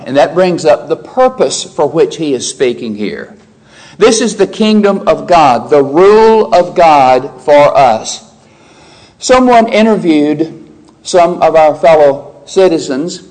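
A man preaching a sermon in a measured, emphatic way, slowing down to stress key words. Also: sits high, a little mellow, low-quality recording.

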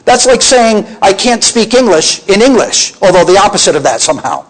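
A man's voice: high-pitched, big pitch swings, fairly quick, rough recording. A man teaching from the Bible as a preacher, emphatic and full of rhetorical questions to his listeners.

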